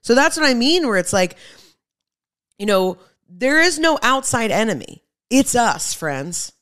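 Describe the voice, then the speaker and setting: A woman's voice: on the high side, big pitch swings, unhurried, a bit bright. A young woman hosting her own podcast in a casual, emphatic monologue, speaking to her listeners as friends. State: pregnant. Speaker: podcast host.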